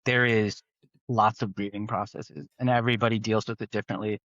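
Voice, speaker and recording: A man's voice: on the low side, level tone, brisk, a bit bright, dry recording. Podcast guest, man from the East Bay, rambly with "right?" tags, dry dull audio. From East Bay, California. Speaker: tech founder guest. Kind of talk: casual podcast conversation.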